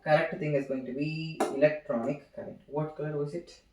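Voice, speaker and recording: A young man gives an informal physics seminar, halting and repeating phrases as he writes. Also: a little high, fairly even intonation, far from the mic, background noise. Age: young adult. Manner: halting, repeats phrases while writing on a board. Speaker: student giving a physics seminar. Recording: echoey room, voice from off-mic.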